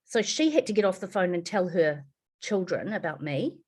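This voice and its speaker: Lively New Zealand woman telling her story. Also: lowish voice, moderate pace, slightly rough. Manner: lively, swears, acts out voices in her story. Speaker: podcast guest, adoptee. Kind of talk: candid storytelling in conversation.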